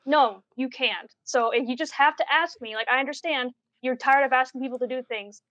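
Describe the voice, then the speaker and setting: A woman chatting quickly on a podcast, her voice sitting a little high. She explains her point with emphasis. The sound is dry and close, with no room echo. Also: fairly even intonation, fairly bright tone, muffled recording. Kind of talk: casual chat.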